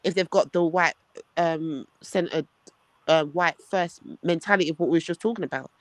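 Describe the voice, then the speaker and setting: A man chatting casually on a podcast, telling a story in animated bursts and calling his listener "bro". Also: on the high side, moderate pace, no room sound. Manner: animated, calls listener "bro", acts out quoted voices. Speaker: podcast co-host.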